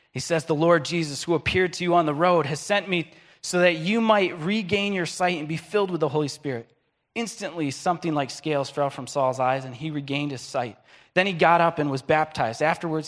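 A male pastor preaching a sermon, animated, swinging between hushed and loud delivery. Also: a little high.

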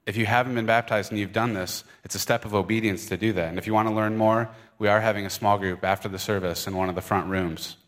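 A man's voice: lowish voice, fairly even intonation, fast talker, few pauses, a bit bright. A man with a Michigan accent preaching a sermon at a church service into a microphone, earnest and conversational, with fillers and restarts. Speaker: pastor.

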